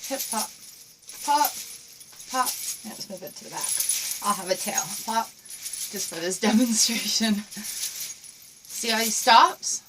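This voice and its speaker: A woman's voice: mid-range voice, moderate pace, long pauses, distant mic, background noise. A woman teaching a dance lesson from home, upbeat and encouraging, counting out the moves as she goes and a little out of breath. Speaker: dance instructor. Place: room at home with a squeaky floor.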